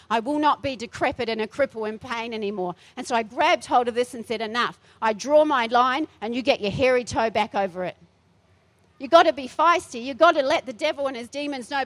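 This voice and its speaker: A woman's voice: on the high side, a bit bright. A middle-aged woman pastor delivering a feisty, emphatic sermon in a church, repeating her phrases for force.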